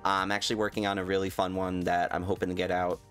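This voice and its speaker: A young man, a YouTuber, reacts to a clip in a casual vlog, rambling and stuttering and laughing at himself. His voice is low and a bit bright, with a flat, fast delivery over soft background music.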